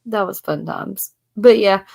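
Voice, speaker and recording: A woman's voice: medium pitch, unhurried, vocal fry, darkish tone. A woman hosting a casual live stream from home, retelling a story and laughing often. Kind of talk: casual chat. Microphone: streaming setup.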